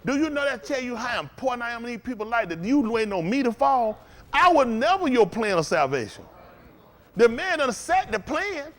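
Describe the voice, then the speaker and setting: A male preacher delivering an impassioned sermon in a folksy, repetitive cadence, swinging from shouted peaks to low, intense murmurs as the congregation answers. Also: very animated, a little fast. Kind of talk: impassioned sermon with call-and-response. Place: house of worship.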